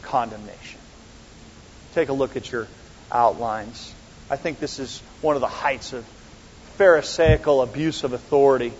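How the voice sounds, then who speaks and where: A man teaches a Bible study in sermon style, keeping it conversational and posing rhetorical questions to his listeners. His medium-pitched, darkish voice moves at a moderate pace with frequent pauses. The lo-fi recording sounds dull, with slight background noise and a long hall reverb.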